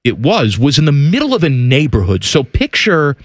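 A man's voice: on the high side, normal speed, dry recording. A man hosting a radio show in a studio, telling a story in casual chat and acting out the quotes. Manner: animated storyteller, acts out quotes. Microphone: studio microphone.

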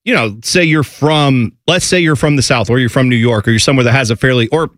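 A man from Central Ohio co-hosting a casual chat show, animated and quick to slip into mocking put-on accents. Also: medium pitch, no room sound, clean studio sound. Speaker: podcast co-host.

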